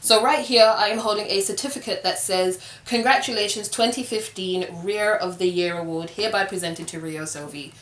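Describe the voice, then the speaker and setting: A woman's voice: mid-range voice, a little fast, hardly any pauses, fairly bright tone, reverberant. A young woman vlogging, telling a personal story to camera in a candid, conversational way, with plenty of filler words.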